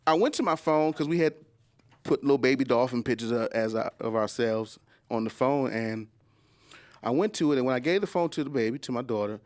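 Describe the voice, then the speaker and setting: A man in his forties doing a stand-up comedy story, jumping into high squeals when he acts out quotes. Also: brisk. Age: 40s. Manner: animated, jumps into high squeals acting out quotes.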